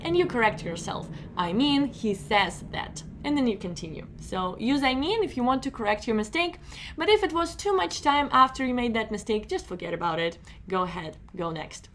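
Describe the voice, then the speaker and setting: Woman, test-prep teacher, reassuring, repetitive explanations, slightly high voice. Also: fairly bright tone. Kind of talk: recorded online lesson.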